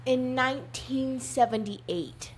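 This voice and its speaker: A woman's voice: high voice, takes it slowly, husky. A woman chatting on a podcast, talkative with some hesitations. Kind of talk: casual chat.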